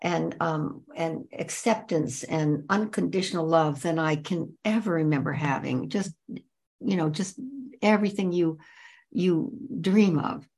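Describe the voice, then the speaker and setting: Low and a little mellow, the voice belongs to an older woman who is a podcast guest. She shares a personal story with vivid, repeated description, lengthening the words she stresses.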